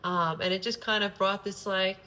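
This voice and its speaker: A woman's voice: medium pitch, fairly even intonation, moderate pace, sharp tone. A woman talking to camera in a loose, rambling monologue, earnest and sprinkled with swearing. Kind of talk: casual spontaneous monologue.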